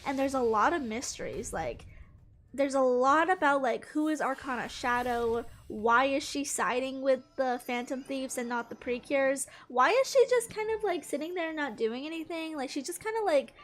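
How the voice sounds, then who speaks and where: A young woman chatting casually while playing a game, rambling and often breaking into loud squeals and laughter. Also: high voice, animated, moderate pace. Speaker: gaming streamer. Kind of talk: casual gameplay commentary. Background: game music.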